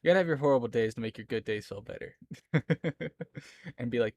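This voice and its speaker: A man's voice: mid-range voice, moderate pace, gravelly, a little mellow, dry recording, studio quality. A young man from Florida with a Southern accent, chatting casually with viewers on a live stream, rambling and laughing often between lines.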